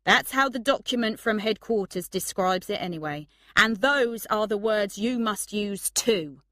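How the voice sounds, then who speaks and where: A woman's voice: mid-range voice, measured pace, fairly bright tone, no echo, studio quality, pitched above the performer's own voice, close to an everyday voice. A woman voicing a tired male restaurant manager in a storybook reading. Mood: announcing.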